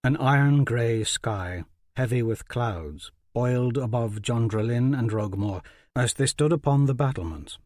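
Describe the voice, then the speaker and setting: A man narrating a fantasy audiobook in a measured, even way. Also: medium pitch, dry recording, studio quality.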